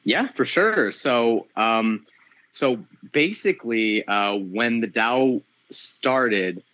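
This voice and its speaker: A man's voice: mid-range voice, animated, extremely slow, a bit bright. A man hosting a casual online audio chat, encouraging and chatty, with lots of fillers. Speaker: host of community audio space.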